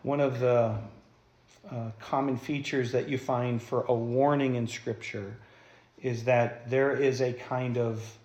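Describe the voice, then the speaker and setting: A man's voice: medium pitch, fairly even intonation, takes it slowly, darkish tone, echoey room. A man preaching a sermon as pastor, emphatic, putting rhetorical questions to the congregation.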